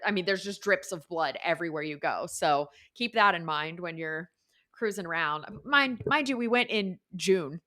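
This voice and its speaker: A woman with a fairly low but bright, forceful voice, co-hosting a casual travel podcast. She tells her stories loosely and jumps in with quick, lively reactions. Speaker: podcast co-host. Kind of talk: casual storytelling chat.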